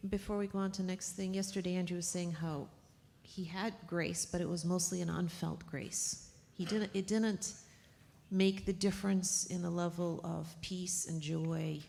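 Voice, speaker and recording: A woman speaking briskly and conversationally as a guest at a church conference question-and-answer session. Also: on the low side, vocal fry, a little mellow. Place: church auditorium. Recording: echoey hall with faint noise.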